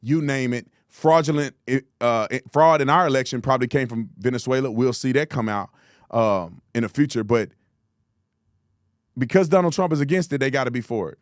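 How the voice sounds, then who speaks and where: A man's voice: medium pitch, moderate pace, no echo, studio quality. A man hosting a political commentary show, mocking and exasperated, repeating words for emphasis.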